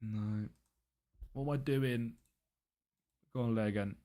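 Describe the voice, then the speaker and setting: A man's voice: mid-range voice, fairly quick, pauses often, fairly bright tone. A young British man chatting casually on a live gaming stream, muttering to himself and laughing often.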